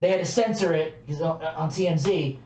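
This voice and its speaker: A man's voice: on the high side, normal speed, warm tone, slight background noise. A man co-hosting a podcast, telling a story casually with lots of fillers and swearing. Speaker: podcast co-host. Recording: echoey room, distant mic.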